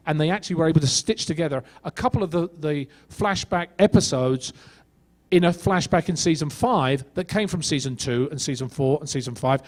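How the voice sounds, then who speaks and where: A middle-aged man, an actor on a convention panel, telling stories and acting out quoted dialogue. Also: fairly high pitch. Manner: animated storyteller who acts out quoted dialogue.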